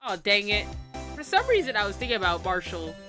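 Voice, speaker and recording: A woman's voice: mid-range voice, sing-song, brisk. A young woman streamer giving chatty, rambling commentary while she plays a game. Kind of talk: casual gameplay commentary. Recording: game music playing behind.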